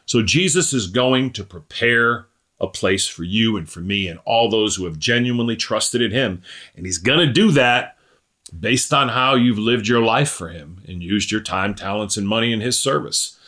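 A man preaching a sermon teaching, earnest and conversational, breaking off into quick asides and short prayers. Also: lowish voice, bright, forceful tone.

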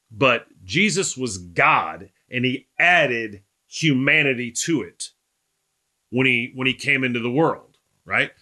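Emphatic, bright-voiced male Bible teacher. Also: mid-range voice. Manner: emphatic, keeps checking in with "right?"; rhetorical questions to listeners.

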